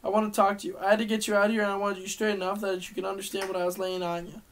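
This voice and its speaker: A man's voice: sits high, very fast, slight background noise. A man voicing a blunt, matter-of-fact young male musician who talks without much sympathy, in an audiobook reading. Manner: flat, unsympathetic.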